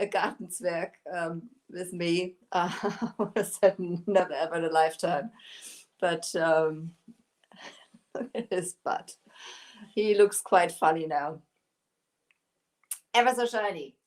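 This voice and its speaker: A woman with a German accent, German her first language, chats through a live craft stream at an unhurried pace. She giggles often and picks up viewer comments as they come in. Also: lowish voice. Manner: giggly, laughs often while talking; chatty, reads out viewer comments. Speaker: craft shop owner hosting a live stream. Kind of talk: casual live-stream chat.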